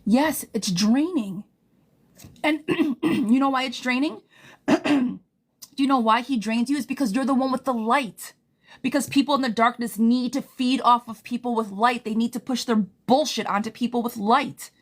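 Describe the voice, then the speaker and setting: Woman, live tarot reader, higher voice, blunt and swears freely, impassioned advice. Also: moderate pace. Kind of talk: live-stream tarot reading.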